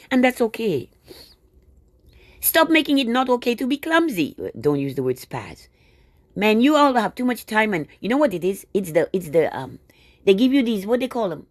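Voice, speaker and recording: A woman's voice: fairly high pitch, no echo. A woman delivering a casual, indignant monologue straight to her viewers, full of sarcastic asides. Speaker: video blogger.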